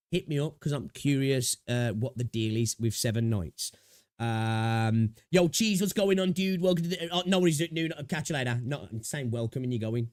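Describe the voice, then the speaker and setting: A man's voice: medium pitch, a little mellow, no room sound, studio quality. A young British man hosting a gaming livestream, rambling and chatting with viewers, swearing freely. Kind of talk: casual livestream chat.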